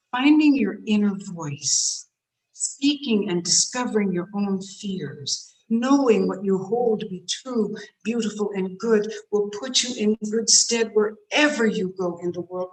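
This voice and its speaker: A woman giving a motivational speech on voice to a women's club, shifting between soft, drawn-out phrases and forceful ones. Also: mid-range voice, poor audio. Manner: demonstrates tense and relaxed voices. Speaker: guest speaker. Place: meeting room.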